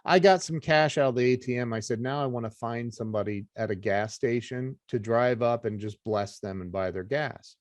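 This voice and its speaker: An animated middle-aged man sharing a personal story as a podcast guest. His voice sits in an ordinary middle register and sounds dry and close, with no room around it. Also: medium pitch, moderate pace, hardly any pauses, dry recording. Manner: animated storyteller, earnest and faith-driven. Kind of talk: casual storytelling chat.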